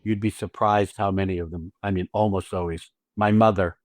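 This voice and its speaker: A man's voice: low voice, steady tone, brisk, a little mellow, no room sound, clean studio sound. A man hosting a podcast as an acting teacher, talking casually and animatedly, swearing freely and acting out little scenes with quoted lines.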